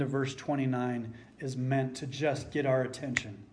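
A man preaching an expository sermon and reading scripture aloud. He talks emphatically, slowing down and dropping nearly to silence to stress a point. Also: mid-range voice, steady tone, slight background noise. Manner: emphatic, slows down and drops to near silence for stress.

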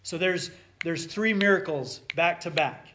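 A man preaching a sermon, swinging between loud urging and soft near-whispered passages. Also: fairly high pitch, measured pace, a little hiss or hum.

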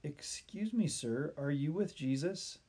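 A man's voice: a little high, lively intonation, a little slow, mellow, slightly rough. A man voicing an earnest young boy.

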